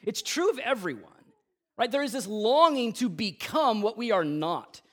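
Male pastor, high voice, preaching with intense swings from loud emphasis to hushed lows, slangy asides. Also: animated, normal speed. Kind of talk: Good Friday sermon.

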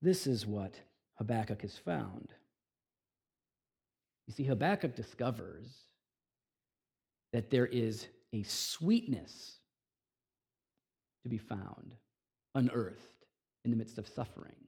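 A man preaching a sermon to his congregation, earnest and conversational, swinging between quiet reflective passages and emphatic raised lines. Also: mid-range voice, expressive, takes it slowly, creaky, pauses often, slightly rough. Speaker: pastor.

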